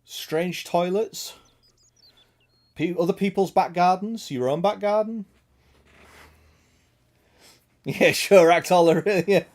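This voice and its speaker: A man's voice: sits high, slow, pauses often, darkish tone. A young man streaming a game, chatting crudely with lots of swearing and laughter. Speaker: gaming streamer. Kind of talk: casual gameplay chat.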